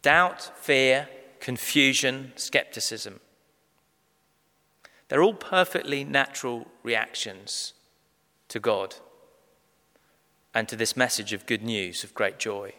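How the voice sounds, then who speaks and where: A man preaching a sermon, measured and emphatic, slowing down to stress key phrases. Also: mid-range voice, fairly even intonation, pushed and bright. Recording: long reverb of a large hall.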